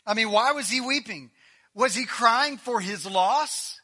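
A man preaching a sermon, reading scripture and acting out the people in it, swinging between loud outbursts and hushed, quiet lines. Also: very high voice, unhurried. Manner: dramatic, acts out voices, swings from shouting to hushed. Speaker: pastor.

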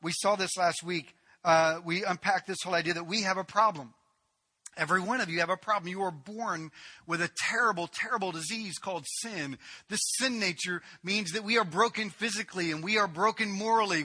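A man delivers a sermon in a high, piercingly bright voice. He stacks phrase upon phrase in rhetorical lists, surges into near-shouted emphasis, then falls to a low hush. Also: a little fast, slightly rough. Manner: impassioned preaching, swinging between loud emphatic build-ups and quiet drops. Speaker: pastor.

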